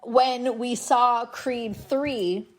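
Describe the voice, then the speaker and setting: A woman in her thirties telling stories in a casual podcast chat, animated and laughing often. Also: on the high side, very slow. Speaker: podcast guest.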